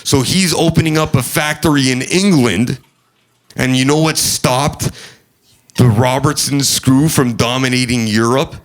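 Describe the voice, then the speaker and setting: A young man doing a stand-up comedy set, neurotic and rambling, with loud outbursts when acting out angry people. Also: medium pitch, a little slow. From Canada. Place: comedy club stage.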